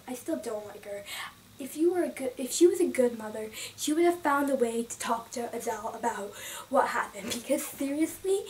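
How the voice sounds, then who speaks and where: Young woman rambling about a book, off-mic. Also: fairly high pitch. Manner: rambling and emotional, many restarts, drops to soft whispers at times. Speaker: book vlogger. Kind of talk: casual book review. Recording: distant from the mic, faint room noise.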